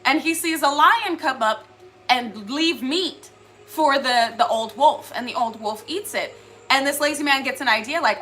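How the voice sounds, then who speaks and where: A woman with a high, bright, clear-toned voice talks straight to her viewers in a loose spiritual monologue. She is earnest and wanders as she talks, leaning on filler words. Faint noise sits under her voice. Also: measured pace. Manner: earnest, rambling, many "like" fillers. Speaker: spiritual reader.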